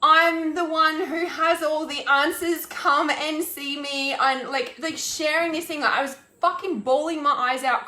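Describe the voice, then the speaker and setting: A woman's voice: sits high, pushed and bright, roomy sound. A woman, an intuitive healer, ranting on a live stream, exasperated and swearing, with lots of restarts and "like". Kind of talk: angry live-stream rant.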